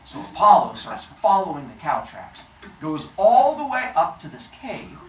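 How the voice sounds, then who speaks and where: A woman telling a myth to children in a lively, playful way, adding sound effects. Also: lowish voice, a little slow. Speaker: storyteller. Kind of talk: animated storytelling for children. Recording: roomy, distant mic, faint noise.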